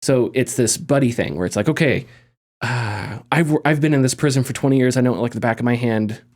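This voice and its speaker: A man talking casually on a gaming podcast, animated and rambling, often restarting his sentences. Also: mid-range voice, fairly quick. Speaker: podcast host.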